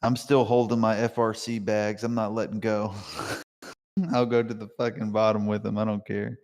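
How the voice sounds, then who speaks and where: A man ranting excitedly and swearing a lot while chatting on a live voice call. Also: lowish voice, normal speed, long reverb tail. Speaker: caller in a live voice chat. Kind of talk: casual chat.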